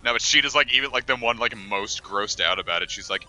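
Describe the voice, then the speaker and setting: A male streamer gives loose, joking gameplay commentary in a lowish voice with a sharp, tense edge. He rambles and trails off with lots of "uh" and "like", with faint game music underneath. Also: fairly even intonation, fast, few pauses. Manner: joking, rambling asides with many fillers.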